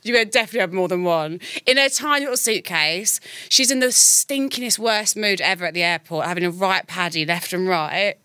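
A woman's voice: lowish voice, fairly quick, few pauses, sharp tone, no room sound. A woman hosting a casual podcast chat, telling a funny story with lots of laughter and teasing her guest. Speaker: podcast host.

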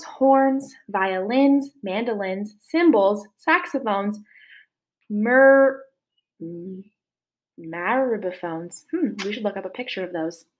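Woman teacher reading aloud expressively. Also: medium pitch. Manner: expressive, pauses to comment for children. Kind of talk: reading a chapter book aloud.

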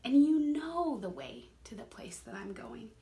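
A young woman leads a casual Bible study, speaking earnestly in a slightly high voice. She laughs often and doubles back on her words as she explains each verse. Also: wildly swooping pitch, a little slow, mellow. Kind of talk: casual scripture teaching.

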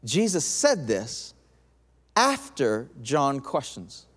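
A male pastor preaching a sermon, acting out quoted voices in an animated way. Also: medium pitch, extremely slow, breathy edge. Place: church auditorium. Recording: long hall reverb.

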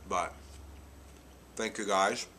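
Talking extremely slowly, a man in his forties tells his vlog audience a rambling story scattered with "you know." His voice is on the low side, steady and sharp, with slight background noise.

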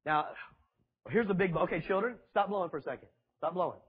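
A man's voice: high-pitched, animated, quick pace, breathy edge, muffled recording. A male preacher, preaching a sermon in a mocking, sarcastic way with emphatic repetition, in a church with children present.

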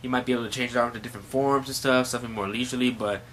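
A man's voice: medium pitch, steady tone, racing, a bit bright, a little hiss or hum. A man casually recapping a manga chapter, rambling with many fillers. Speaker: manga reviewer.

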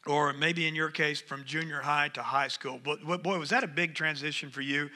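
In a church sanctuary with long hall reverb, a middle-aged pastor preaches conversationally, calling out "come on" to the congregation. His fairly high, bright voice is steady and forceful, moving at a moderate pace with hardly any pauses.

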